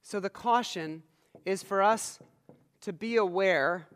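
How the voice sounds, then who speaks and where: A man preaching a sermon in a church sanctuary, his voice set high for a man. He swings between loud, stressed points and quiet, low asides. A long reverb from the big hall trails every phrase. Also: takes it slowly, smooth. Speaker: pastor.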